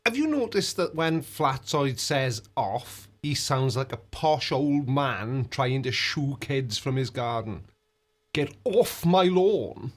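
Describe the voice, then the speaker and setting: A man's voice: medium pitch, animated, a little slow, hardly any pauses, a bit bright. A man hosting a reaction video, mocking and sarcastic in his commentary.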